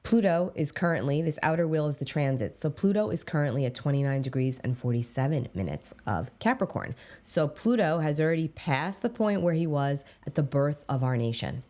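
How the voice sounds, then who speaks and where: A woman's voice: low voice, lively intonation, a little fast, few pauses, mellow. A woman astrologer explaining to her viewers, stressing key words and addressing them directly. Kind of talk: explanatory talk to camera.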